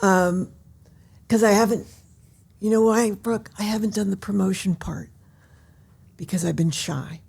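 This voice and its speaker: An older woman, an author, chatting as a guest in an interview and telling her stories in an animated, theatrical way. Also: mid-range voice, measured pace, vocal fry, long pauses, breathy edge. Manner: animated storyteller who acts out scenes. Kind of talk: casual interview chat.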